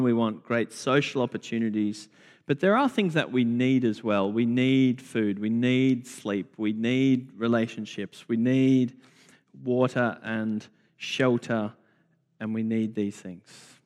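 A man, preaching a sermon in slow, deliberate phrases with repetition. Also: medium pitch. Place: church. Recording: long church reverb.

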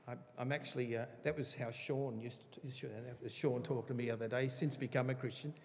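A man teaching through a Bible passage in an animated, emphatic, chatty way. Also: medium pitch, quick pace, few pauses. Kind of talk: conversational Bible study sermon. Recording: reverberant hall.

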